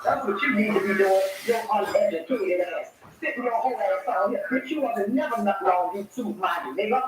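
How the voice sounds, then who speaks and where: A speaker taunting and cursing someone in a long rant, swinging between low mutters and shouts. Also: brisk. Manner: taunting, mocking, repeated insults. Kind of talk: profane insulting rant. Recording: very echoey, distant, noisy.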